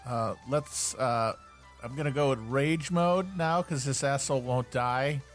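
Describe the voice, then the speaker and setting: A man's voice: medium pitch, a little slow, faint music behind. A man playing a tabletop game, brash and gleeful as he declares his attacks. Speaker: player. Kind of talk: casual tabletop game chat.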